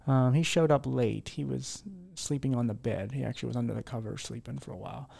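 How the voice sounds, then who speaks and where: Gravelly, worn-down male podcast host. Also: mid-range voice, a little fast, a little mellow, dry recording. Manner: rambling, candid, with frequent fillers and restarts. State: low-spirited and worn down. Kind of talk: candid solo podcast chat.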